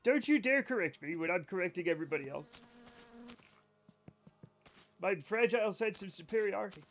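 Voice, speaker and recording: A man chatting live with his viewers while he plays. His voice sits high, and he rambles from one joke to the next, often mocking himself. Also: lively intonation, normal speed, pauses often, a bit bright. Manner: rambling, joking, playfully self-mocking. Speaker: live streamer. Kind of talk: casual gameplay chat with viewers.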